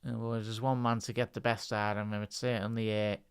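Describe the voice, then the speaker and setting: Smooth-voiced Scouse man chatting to viewers. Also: on the low side, level tone, a little fast. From Liverpool, England. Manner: chatty, talks to viewers as "chat" and "lad". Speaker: live stream commentator. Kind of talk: casual live watch-along commentary.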